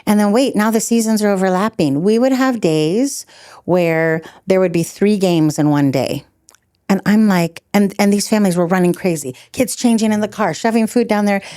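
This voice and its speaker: A middle-aged woman telling stories as a podcast guest, animated, laughing often and acting out quotes. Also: mid-range voice, moderate pace, no echo, clean studio sound. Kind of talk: storytelling in a podcast interview.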